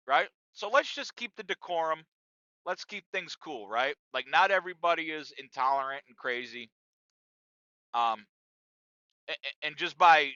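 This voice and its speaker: A middle-aged man hosts a podcast in a loose, profane monologue aimed straight at his listeners. His voice is very bright and a touch high. The sound is dry and dull, like a lo-fi home setup. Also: no room sound. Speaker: podcast host. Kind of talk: casual monologue.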